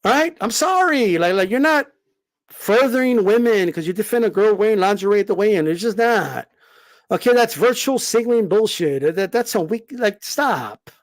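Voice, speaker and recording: Profane, animated male boxing ranter. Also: high-pitched, normal speed. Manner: profane, emphatic, repeats "all right?". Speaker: boxing commentator. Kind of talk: heated rant.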